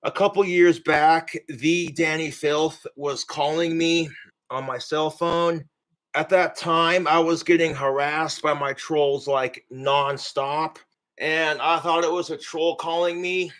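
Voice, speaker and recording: A man's voice: on the high side, fairly even intonation, takes it slowly, a bit bright. A man streamer delivering a crude, combative comedic rant full of swearing.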